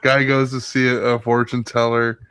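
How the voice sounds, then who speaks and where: A man's voice: mid-range voice, flat delivery, normal speed, a bit bright, smooth, no room sound. A man in casual podcast chat, eagerly retelling a comedy sketch and laughing.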